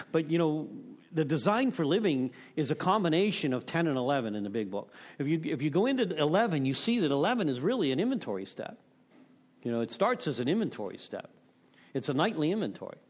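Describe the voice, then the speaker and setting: A middle-aged man giving a candid, rambling talk on recovery steps, full of self-deprecation and "you know.". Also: medium pitch. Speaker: recovery meeting speaker.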